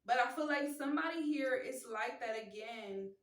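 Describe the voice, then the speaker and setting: A woman's voice: fairly high pitch, animated, moderate pace. Earnest American woman reading tarot. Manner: earnest, rambling, repeats phrases. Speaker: tarot reader. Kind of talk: casual spiritual tarot reading. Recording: echoey room, voice from a distance.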